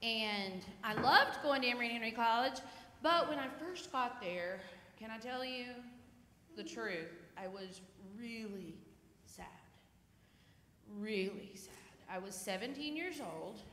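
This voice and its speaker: A woman leading children's time in church, gently and animatedly telling the children a story. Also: on the high side, animated, unhurried. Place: church sanctuary. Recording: echoey church hall, faint noise.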